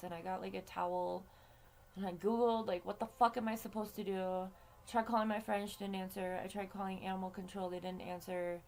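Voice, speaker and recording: A woman's voice: medium pitch, a little hiss or hum. Woman vlogger, casual rambling story, salty language, mid-range voice. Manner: chatty, swears freely, many fillers. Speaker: vlog host.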